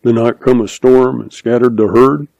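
A man's voice: medium pitch, steady tone, moderate pace, vocal fry, darkish tone, no echo, dull audio. A man reading an old-west story aloud in a drawling cowboy dialect, plain and dry in manner. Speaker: narrator.

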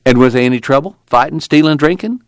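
A man doing a fervent high-voiced preacher. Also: very animated, normal speed, dry recording, clean studio sound. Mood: eager. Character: excited earnest rural preacher man. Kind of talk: audiobook character voice.

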